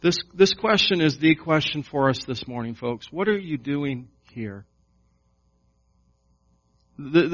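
A male pastor delivers a sermon at an unhurried, deliberate pace, driving his points home with repeated questions. His voice sits a little high for a man. The recording is dull and lo-fi. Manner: slow, emphatic preaching with repeated questions. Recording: dull lo-fi sound.

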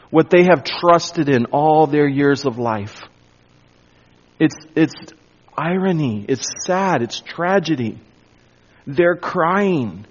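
In this lo-fi, dull-sounding recording, a male pastor preaches an expository sermon through scripture. His slightly high voice pushes his points emphatically, then falls to a quiet hush to give them weight.

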